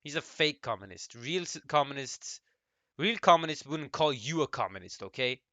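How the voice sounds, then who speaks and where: A man's voice: mid-range voice, animated, normal speed, bright, forceful tone, no room sound. A man giving casual reaction commentary, cutting in with blunt, dismissive rebuttals. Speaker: YouTube commentator reacting to a clip.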